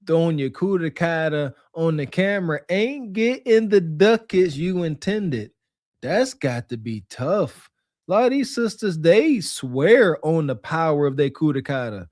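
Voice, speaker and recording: A man's voice: a little high, sing-song, unhurried, a little mellow, dry recording, clean studio sound. A man co-hosting a podcast, giving mocking commentary and acting out quotes in character. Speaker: podcast co-host.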